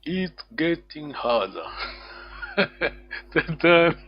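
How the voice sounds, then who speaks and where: A man's voice: on the high side, sing-song, drawn-out words, lo-fi sound. A man teaching an online language lesson, patiently repeating phrases for his students to copy.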